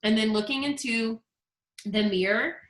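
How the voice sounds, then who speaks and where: A woman's voice: on the high side, unhurried. A woman in her thirties giving a chatty, emphatic motivational book talk to her team. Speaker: team leader. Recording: echoey room.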